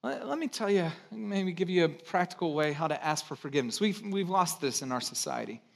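A man with a notably high voice preaches a sermon with real passion. He leans on repetition, climbing loud and high to drive a point, then dropping to a near-hush for weight. It sounds like a pastor speaking straight to his congregation. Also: animated, vocal fry. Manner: impassioned preaching, swinging from loud and high to hushed and low; repeats phrases for emphasis, draws drawn-out quotes.

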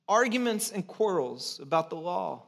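A man's voice: high voice, very animated, normal speed, fairly bright tone. A man in his thirties from California, preaching a sermon as a pastor in a conversational storytelling way with self-mocking humor.

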